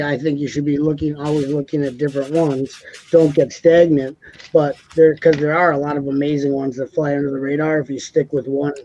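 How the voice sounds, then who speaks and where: Chatty male co-host, a bit high, loose and repetitive, muffled stream audio. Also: warm tone. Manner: rambling, repeats words, laughs often. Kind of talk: casual panel chat.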